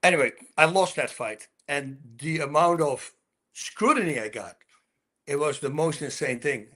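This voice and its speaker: Animated Dutch man telling fight stories. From Netherlands. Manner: animated storyteller, acts out dialogue, sound words like boom and bonk. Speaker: podcast guest. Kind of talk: storytelling interview.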